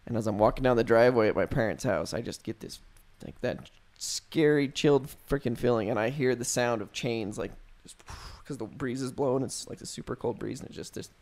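A man's voice: mid-range voice, a little fast, hardly any pauses, darkish tone. A young man telling a spooky story to friends in a loose, profane, casual way, full of fillers. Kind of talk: casual chat.

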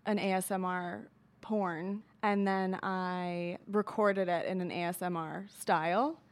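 A woman's voice: lowish voice, fairly even intonation, slow pace. A woman guest on a comedy podcast, chatting casually and rambling with fillers.

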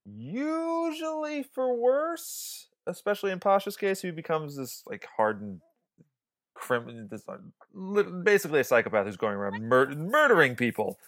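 Male podcast co-host, middle pitch, casual film talk, rambling and animated, prone to restarts. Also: moderate pace. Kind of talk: casual film review chat.

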